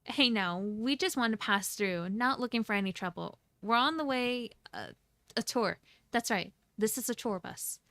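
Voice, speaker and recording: Lady doing a laid-back tired older guy smoothing things over. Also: fairly high pitch, moderate pace, sharp tone, dry recording. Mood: placating. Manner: casual, soothing. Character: weary easygoing middle-aged man, placating.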